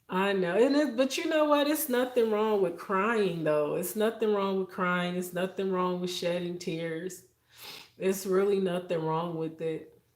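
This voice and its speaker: A woman's voice: fairly low pitch, a little slow, echoey room. Heartfelt woman chatting on a livestream. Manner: chatty and heartfelt, talks straight to viewers as y'all. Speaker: livestream host. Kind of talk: casual live-stream chat with viewers.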